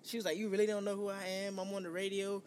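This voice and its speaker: High-voiced profane storyteller man from New York. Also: fast, long reverb tail, slight background noise. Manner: profane, animated storyteller, quoting himself. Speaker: podcast host. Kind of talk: casual storytelling chat.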